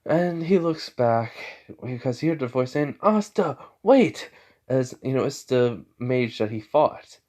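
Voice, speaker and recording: A man's voice: mid-range voice, a little slow, warm tone. Rambling man narrating an improvised story. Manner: rambling, lots of fillers. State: sleepy late at night. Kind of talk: improvised fan-fiction narration. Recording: slightly muffled lo-fi audio.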